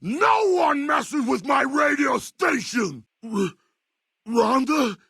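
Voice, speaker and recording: A man's voice: very high-pitched, expressive, takes it slowly, a bit bright, dry recording, shouting, clean studio sound, heavily acted. A man voicing a huge, pompous female mutant who rules her mountain, bellowing orders in video game dialogue. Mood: menacing. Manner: bellowing, pompous, easily exasperated. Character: huge bossy self-proclaimed ruler mutant, female.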